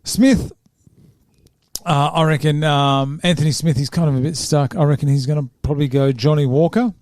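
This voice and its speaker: A man's voice: on the high side, steady tone, moderate pace, a little mellow, dry recording, clean studio sound. A man hosting a casual sports chat, laughing often and giving his picks. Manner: laughs often, says "I reckon" a lot. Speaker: podcast host.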